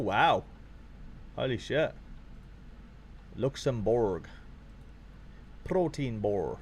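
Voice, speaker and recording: A young man chatting casually to his viewers on a live stream while watching football, swearing freely and getting excited. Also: on the low side, moderate pace, pauses often, slight background noise.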